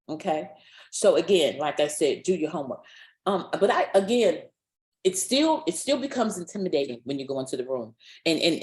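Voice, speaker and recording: Low-voiced woman giving a motivational talk. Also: a little mellow. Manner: repeats words and restarts, checks in with "okay?". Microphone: webinar call mic.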